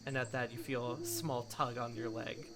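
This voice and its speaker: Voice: mid-range voice, fairly even intonation, normal speed. A game master narrating a tabletop game in a casual, rambling way. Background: background music.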